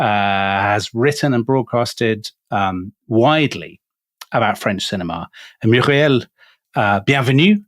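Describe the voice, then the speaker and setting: A man's voice: fairly low pitch, dry recording, clean studio sound. Jokey male podcast host. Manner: jokey, asks questions with lively rises. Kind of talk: casual chat.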